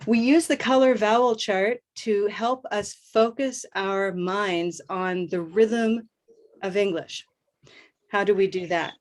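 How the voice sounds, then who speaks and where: Slow, deliberate woman English teacher. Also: medium pitch. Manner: slow, deliberate, models sounds for repetition. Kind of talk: live online class, slow drilling. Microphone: video call.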